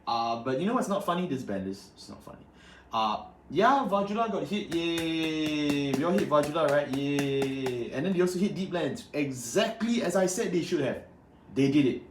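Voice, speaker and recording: Sarcasm and exasperation fill this card game creator's to-camera deck commentary on a new ban list. His fairly high voice swings widely in pitch and moves fairly quickly, with a little hiss or hum and the faint ambience of an echoey room.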